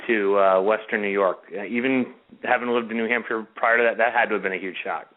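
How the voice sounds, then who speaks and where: A man hosting a radio interview, asking questions haltingly with many fillers. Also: on the low side, fairly even intonation. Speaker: radio show host. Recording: narrow phone-like radio sound.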